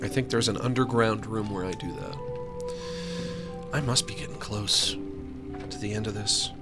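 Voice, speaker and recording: A man's voice: on the low side, normal speed, loud music behind the voice. A man streaming a game, chatting casually and rambling to his viewers. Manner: rambling, chatty, self-deprecating. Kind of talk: casual let's-play chat.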